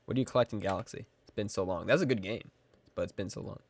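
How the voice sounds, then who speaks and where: A man livestreaming a video game, commenting casually and excitedly, joking and talking to his chat. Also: fairly low pitch, fast talker, heavy background noise. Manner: excitable, jokey, talks to chat. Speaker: game streamer. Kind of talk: casual live gameplay commentary.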